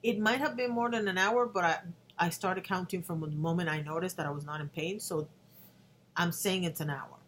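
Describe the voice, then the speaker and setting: Earnest low-voiced woman in her fifties. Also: moderate pace, a bit bright, slight background noise. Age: 50s. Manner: earnest, with restarts, emotional at times. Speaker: vlogger. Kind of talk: personal vlog talk to camera.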